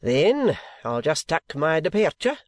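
A man's voice: a little high, sing-song, measured pace, no echo. A man voicing a testy, blunt male doctor with a broad Scottish accent. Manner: gruff broad brogue.

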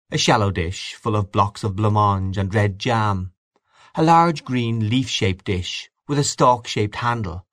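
Low, expressive male audiobook narrator. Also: no room sound, clean studio sound. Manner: measured, expressive reading. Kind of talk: scripted literary narration.

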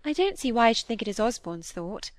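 A woman voicing a shy, earnest young woman who speaks softly and pleadingly in a storybook reading. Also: a little high, very animated, quick pace, dry recording, clean studio sound. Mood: gentle. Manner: soft, pleading.

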